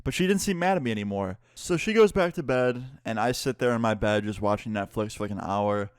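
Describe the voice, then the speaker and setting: A man's voice: lowish voice, a little fast, clean tone, no echo, studio quality. A young man casually retelling a personal story for his channel, candid and cursing freely. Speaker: YouTuber.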